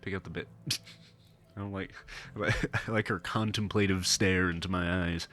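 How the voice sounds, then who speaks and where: A man's voice: low voice, fairly even intonation, moderate pace, fairly bright tone, faint music behind. A man hosting a let's-play, reading game text and joking about it playfully. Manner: playful, joking, laughs often.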